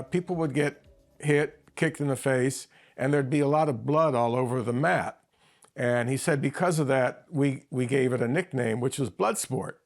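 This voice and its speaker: A man being interviewed as a screenwriter, telling an anecdote in a relaxed, storytelling manner. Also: a little high, creaky. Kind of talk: documentary interview.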